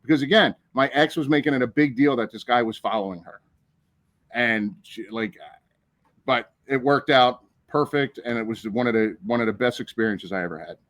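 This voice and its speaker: A man with a mid-range voice tells a story in loose, casual talk. He is animated and swears freely, jumping into the voices of everyone in the tale. The sound is dry and close to the mic. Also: mid-range voice, moderate pace, no room sound. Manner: animated, profane, acts out the people in his story. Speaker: podcast co-host.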